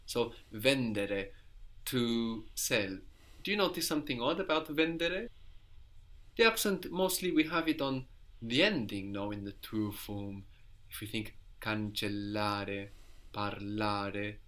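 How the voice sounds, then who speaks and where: A man teaching Italian, explaining slowly and repeating each word back. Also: lowish voice, a bit bright. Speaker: Italian tutor. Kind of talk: language lesson over a call.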